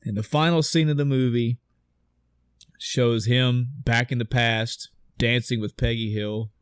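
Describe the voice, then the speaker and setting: Male podcast co-host, mid pitch, animated play-by-play recap, dry close recording. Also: measured pace, smooth, dry recording. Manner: excited retelling with swearing and quoted dialogue. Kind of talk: casual film discussion.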